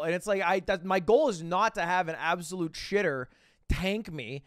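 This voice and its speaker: Young man, streamer, rambling casual story, restarts, swearing, smooth clear voice. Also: sits high, normal speed, dry recording, studio quality.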